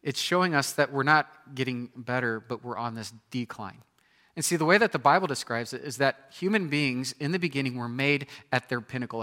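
A man delivering a sermon, earnest and full of searching questions. His voice is bright and forward, at a middle pitch. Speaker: pastor.

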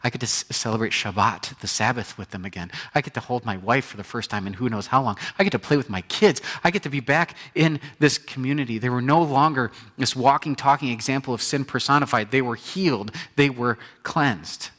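A man preaching a sermon as a pastor, telling the story with lively acted-out quotes and moving between loud, bright moments and hushed, quiet ones. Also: mid-range voice, fairly quick, hardly any pauses.

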